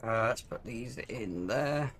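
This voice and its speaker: Male let's-play host, middle pitch, musing over menus, throat a bit rough from coughing. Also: slow pace. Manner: relaxed, musing aloud over game menus. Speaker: gaming channel host. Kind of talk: casual let's-play commentary.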